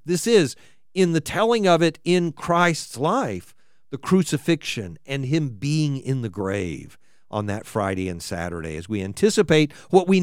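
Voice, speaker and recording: Expressive male preacher, lively pitch. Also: dry recording, clean studio sound. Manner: expressive, rising and falling as he reads scripture aloud. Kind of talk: sermon.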